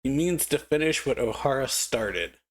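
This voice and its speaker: A man's voice: mid-range voice, animated, moderate pace, voice pushed up, lightly acted. A man reading out the lines of a stern elder male official giving a formal report.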